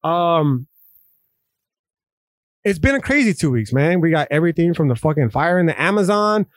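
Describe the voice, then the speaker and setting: A man hosts a podcast, delivering a casual monologue that's profane, rambling and conversational. His voice sits on the high side with a sing-song lilt at normal speed, recorded dry in a clean studio.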